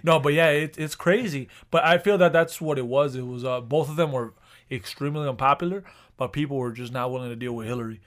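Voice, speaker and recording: A man's voice: medium pitch, fast. Rambling man, casual podcast co-host. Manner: rambling, frequent restarts and swearing. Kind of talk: casual chat.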